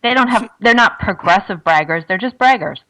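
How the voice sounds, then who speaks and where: A woman's voice: medium pitch, lively intonation, brisk, pushed and bright, poor audio. Wry woman guest from Minnesota. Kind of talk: podcast interview chat.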